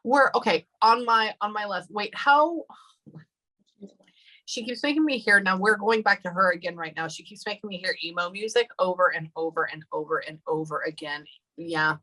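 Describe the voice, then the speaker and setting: Bright-voiced woman giving a psychic reading. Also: mid-range voice, rough recording. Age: 30s. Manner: halting, thinking aloud, many hold-ons. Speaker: psychic medium. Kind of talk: spirit reading session.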